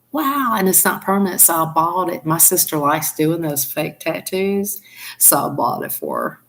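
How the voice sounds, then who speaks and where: A woman's voice: deep voice, creaky. A woman with a Southern US accent, hosting a casual chat to her viewers, talking chattily, laughing often and acting out little voices. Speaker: channel host.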